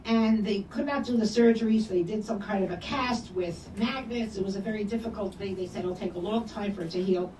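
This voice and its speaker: An older woman telling personal stories to an audience, acting out the dialogue with lively emphasis. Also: mid-range voice. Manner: animated storyteller acting out quoted dialogue. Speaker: guest speaker. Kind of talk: storytelling talk. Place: hall or room at a community event. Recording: echoey room from a distance, background noise.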